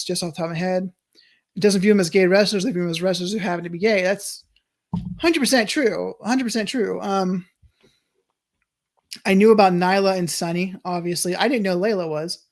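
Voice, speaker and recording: A young adult streamer in casual let's-play commentary, thinking aloud and chuckling, with frequent restarts while reading chat. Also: mid-range voice. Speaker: streamer playing a wrestling management game.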